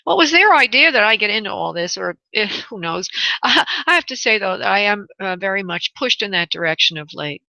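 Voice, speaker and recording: Bright-voiced woman hosting a call-in show. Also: mid-range voice, expressive, creaky, no room sound, highs cut off. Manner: affectionate, calls callers honey and darling; hesitant, many pauses and restarts. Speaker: radio show host and psychic medium. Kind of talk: casual call-in radio chat.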